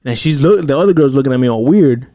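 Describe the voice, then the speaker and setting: A man talks in a relaxed, rambling way, swearing freely and acting out what others said. His voice sits at a middle pitch. The sound is dry and close, with no room echo. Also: fast talker. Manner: rambling, profane, acts out quotes. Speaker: podcast host. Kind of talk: casual storytelling chat.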